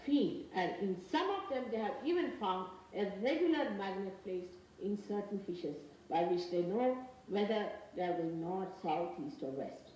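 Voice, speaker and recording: A woman's voice: mid-range voice, a little mellow. Indian lady giving a spiritual talk, earnest and emphatic, mic kinda far off, faint hiss behind. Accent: Indian English. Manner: earnest, emphatic, slow halting phrases. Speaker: spiritual teacher. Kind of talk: spiritual lecture. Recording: very echoey archival talk from a distance with faint noise.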